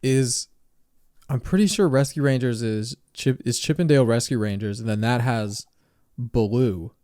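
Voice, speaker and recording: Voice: medium pitch, moderate pace, no echo, studio quality. A podcast co-host in casual chat, joking around and reading the show's intro. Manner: joking, animated.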